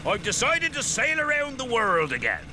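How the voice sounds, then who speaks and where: A man's voice: very high-pitched, huge pitch swings, normal speed, background noise, heavily acted. An actor playing a cheerful, adventurous male dog sea captain in a cartoon. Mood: hearty.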